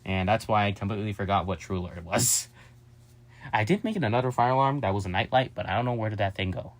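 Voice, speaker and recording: A man chatting casually and excitably to his viewers, jumping from topic to topic with quick asides and jokes. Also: fairly low pitch. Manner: addresses viewers as "guys", quick asides and joking. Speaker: vlogger. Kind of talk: casual rambling vlog chat to viewers.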